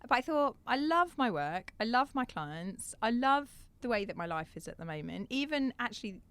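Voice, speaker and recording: A woman's voice: fairly high pitch, very animated, normal speed, a bit bright, clear, resonant tone. A middle-aged woman, a coach, talking candidly and reflectively in a podcast conversation. She laughs often mid-sentence and has a slight cough. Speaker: coach and guest.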